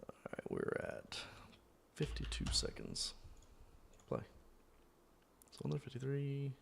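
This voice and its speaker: A man's voice: mid-range voice, wildly swooping pitch, takes it slowly, creaky, slight background noise. Chatty man reacting to a live match. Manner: chatty, rambling, thinks aloud with fillers; bursts into loud disbelieving shouts at goals. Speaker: fan host of a live watchalong.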